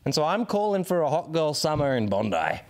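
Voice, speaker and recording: A man co-hosting a podcast, chatting casually and joking around. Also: fairly quick. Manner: joking, animated and swooping in pitch. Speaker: podcast co-host. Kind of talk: casual chat.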